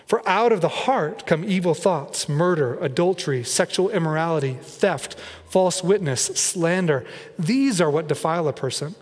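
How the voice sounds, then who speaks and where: A man's voice: fairly high pitch, expressive, normal speed. A man preaching a conversational sermon as pastor in a church, often slipping into playful mock voices. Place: church sanctuary. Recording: long hall reverb.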